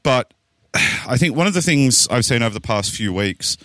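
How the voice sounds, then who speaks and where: A man's voice: medium pitch, animated, moderate pace, fairly bright tone, dry recording. A young Australian man co-hosting a casual podcast, explaining world events in a rambling, hesitant way with frequent laughs. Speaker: podcast co-host.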